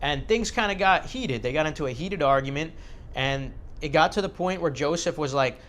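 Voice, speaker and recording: A man hosting a casual video who tells a story in an animated way, full of fillers. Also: on the high side, moderate pace. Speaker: host.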